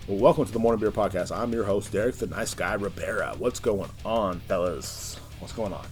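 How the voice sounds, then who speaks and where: A man's voice: lowish voice, fairly quick, faint music behind. A man hosting a casual podcast, ranting in a brash, profane, rambling way. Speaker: podcast host.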